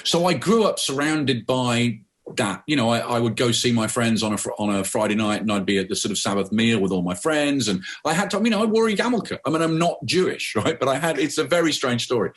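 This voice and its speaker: A middle-aged man from Birmingham, a guest author speaking in an animated, conversational interview. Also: mid-range voice, fairly quick. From Birmingham, England. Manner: animated storyteller, repeats words.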